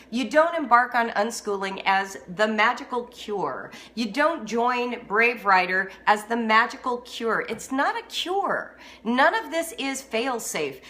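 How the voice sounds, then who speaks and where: Bright, animated homeschool host woman. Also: on the high side. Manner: animated, emphatic, laughs often, teases herself. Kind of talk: live-streamed talk answering viewers. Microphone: phone or webcam.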